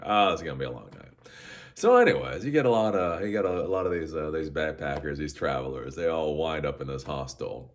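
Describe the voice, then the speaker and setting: A man's voice: extremely low pitch, a little mellow. A man hosting a podcast, telling a rambling story in a casual monologue with frequent restarts. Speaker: podcast host.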